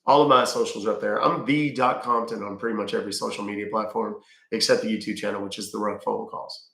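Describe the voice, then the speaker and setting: This livestream host reads chat aloud and responds to viewers' questions in a relaxed, filler-laden way. He speaks briskly in a lowish, creaky voice with fairly even intonation and a fairly bright tone, in an echoey room.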